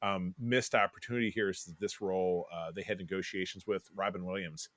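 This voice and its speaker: A man in his forties chats casually as a podcast co-host. His slightly low voice rambles through tangents, full of restarts and loose asides. The sound is dry and close, with no room around it. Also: fairly even intonation, a little fast, a bit bright, no room sound. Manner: rambling, digressive, many restarts. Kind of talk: casual chat.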